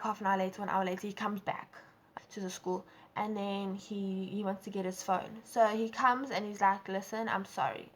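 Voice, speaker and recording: A young woman with a South African accent telling a storytime vlog, animated and acting out quotes. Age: young adult. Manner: animated, acts out quotes with big pitch jumps. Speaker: vlogger. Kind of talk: casual storytime.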